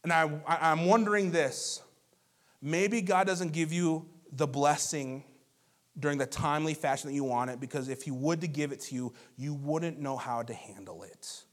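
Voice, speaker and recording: Guy pastor in his 30s, pretty high voice, chatty animated preaching, lots of asides. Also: normal speed. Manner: lively storytelling with conversational asides. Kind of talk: sermon.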